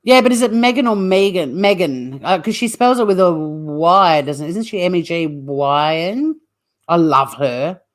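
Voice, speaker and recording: A woman with a low, expressive voice and unhurried pace runs a true crime channel. On a livestream she chats casually and bluntly, swearing freely and rambling as she reacts to live chat.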